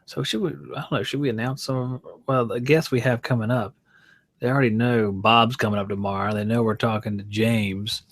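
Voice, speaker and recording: A man co-hosting a live podcast, joking and teasing with quick asides. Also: medium pitch, steady tone, fairly bright tone. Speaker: podcast co-host. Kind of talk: casual live-stream chat.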